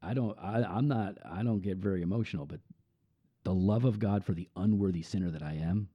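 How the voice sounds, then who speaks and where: A man's voice: deep voice, brisk, slightly rough, dry recording. A man, a pastor, speaking earnestly and reflectively in a podcast interview. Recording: dull lo-fi dry sound.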